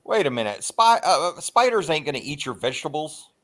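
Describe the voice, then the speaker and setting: A man's voice: fairly high pitch, big pitch swings, a bit bright. Rambling, swearing man chatting on a livestream. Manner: rambling, swears freely, frequent filler pauses. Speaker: livestream host. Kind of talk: casual livestream chat.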